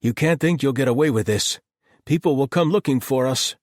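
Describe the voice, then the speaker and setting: A man's voice: mid-range voice, lively intonation, moderate pace, gravelly, slightly rough, no room sound, studio quality, pitched above the performer's own voice. A man doing a hot-headed paladin. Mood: furious. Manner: forceful, shouting. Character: angry young male paladin, hot-headed. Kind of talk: audiobook character voice.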